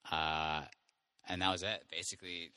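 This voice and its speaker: A man on a podcast recalling his old band in relaxed, rambling casual chat. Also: deep voice, normal speed, clear, resonant tone, dry recording. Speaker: podcast host, former band musician.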